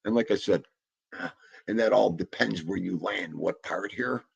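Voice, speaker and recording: A man's voice: sits low, a little slow, vocal fry, breathy edge, lo-fi sound. A man, chatting casually and jokingly in a rambling way while talking to his dog. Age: 50s. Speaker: vlogger. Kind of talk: casual chat.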